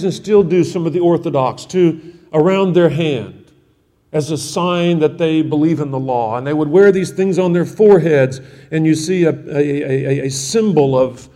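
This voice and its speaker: Male preacher, high mellow voice, insistent repetition, sermon with long hall echo. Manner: emphatic, repetitive exhortation.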